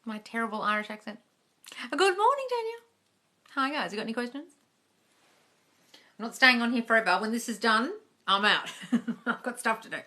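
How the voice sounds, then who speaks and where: A woman's voice: medium pitch, bright, forceful tone. A young woman coach answering viewer questions in a casual live stream, chatty and blunt, swearing now and then. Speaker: manifestation coach.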